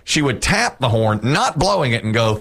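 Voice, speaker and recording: A man's voice: moderate pace, slightly rough. A man hosting a radio show, telling stories in casual chat and acting out the people he quotes. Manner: animated storyteller, acts out quotes with big pitch jumps.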